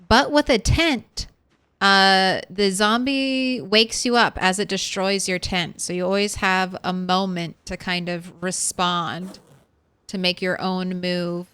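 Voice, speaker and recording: A woman's voice: medium pitch, fairly bright tone, clean tone, no room sound. A young woman streaming a zombie survival game, chatting casually with viewers and laughing often. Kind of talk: casual gameplay commentary.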